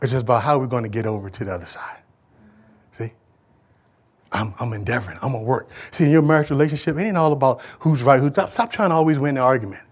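A middle-aged male pastor preaching a sermon to his congregation, swinging between loud calls and hushed asides. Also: medium pitch, fairly quick, pauses often.

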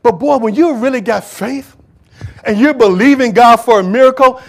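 A man preaching a sermon in church, emphatic and full of rhetorical questions, swinging from shouts to hushed asides. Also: very high-pitched, moderate pace, gravelly.

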